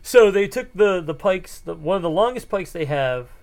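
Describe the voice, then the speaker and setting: A man's voice: high-pitched, animated, moderate pace, darkish tone. A man co-hosting a podcast in casual chat, stumbling over words with restarts and laughing often. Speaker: podcast co-host.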